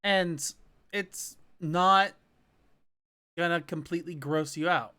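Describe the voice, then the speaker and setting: A man co-hosting a casual movie review podcast, giggly and quick with questions. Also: a little high, sharp tone, clear, resonant tone. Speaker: podcast co-host.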